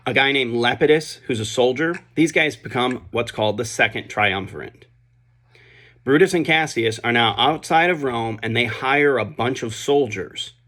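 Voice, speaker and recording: A man's voice: medium pitch, a bit bright. A man retelling a play's plot in a casual spoken summary, chatty, with frequent fillers and asides.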